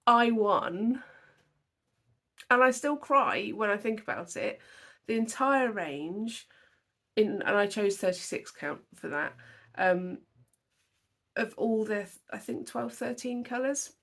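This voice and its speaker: A woman's voice: medium pitch, animated, slow pace, a bit bright. A young woman chatting at home about her cross-stitch projects, rambling and emotional, filmed at her dining table. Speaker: flosstube host. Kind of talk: casual chat to camera.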